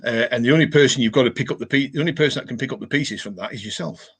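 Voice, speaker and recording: A man's voice: mid-range voice, racing, breathy edge. Chatty northern English man hosting live. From northern England. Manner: rambling, lots of fillers and restarts. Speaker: live stream host. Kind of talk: casual live chat reading comments.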